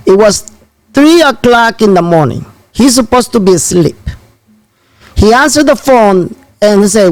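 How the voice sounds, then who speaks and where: A man hosting an online talk, telling a story in an excitable, animated way and repeating himself. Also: high voice, moderate pace, no room sound. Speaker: host. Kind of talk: casual storytelling.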